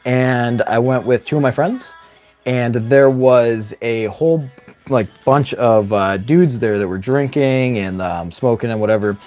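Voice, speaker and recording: A man's voice: medium pitch, measured pace, darkish tone, lo-fi sound, faint music behind. A man hosting a live stream, telling a story in a casual, rambling way and often tagging his lines with "right?". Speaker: livestream host.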